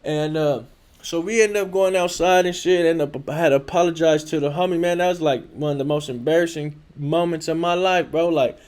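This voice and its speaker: A man's voice: a little high, fairly even intonation, moderate pace, darkish tone, clear, resonant tone. A man with a Californian accent telling a casual personal story in slangy, profane speech full of filler tags. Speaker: show host telling a story.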